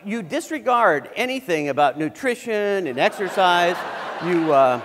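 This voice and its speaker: A man's voice: sits high, expressive, a little slow, noisy background. A middle-aged man giving a humorous keynote on stage, telling a story in a conversational way with many restarts. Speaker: keynote speaker. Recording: reverberant hall.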